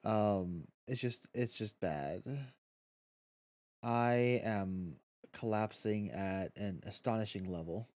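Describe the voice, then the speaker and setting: A man's voice: lowish voice, slow pace, darkish tone. A man streaming a video game from home, chatting casually with viewers, reading and answering chat, swearing freely and laughing often.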